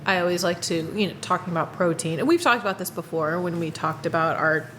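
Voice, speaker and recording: A woman's voice: lowish voice, quick pace, a bit bright, slight background noise. A woman hosting a podcast, chatty and laughing often. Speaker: podcast host. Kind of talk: casual podcast chat.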